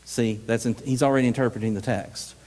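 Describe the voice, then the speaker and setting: A man presents a workshop at a conference, mid-pitched and animated. He jokes freely and slips into mock voices to act out readings. The live hall behind him rings with a long reverb. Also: quick pace.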